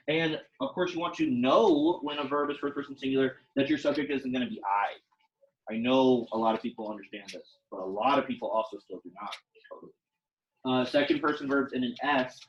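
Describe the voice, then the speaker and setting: Young male teacher, casual and chatty, mid-pitched, loose classroom talk. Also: muffled recording, a little hiss or hum. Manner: relaxed, chatty, many fillers. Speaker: Latin teacher.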